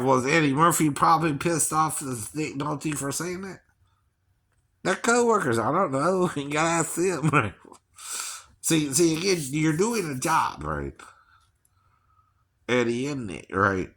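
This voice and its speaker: Chuckling man from Georgia, slow and bright. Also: medium pitch, husky. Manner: chuckles often, keeps adding "right, right". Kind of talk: rambling casual monologue.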